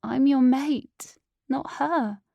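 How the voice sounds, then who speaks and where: A woman's voice: high-pitched, very slow, gravelly, darkish tone, no room sound, muffled recording, pitched above the performer's own voice, full character voice. A woman voicing a desperate young werewolf girl, pleading and tearful, in an audiobook. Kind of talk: audiobook character voice.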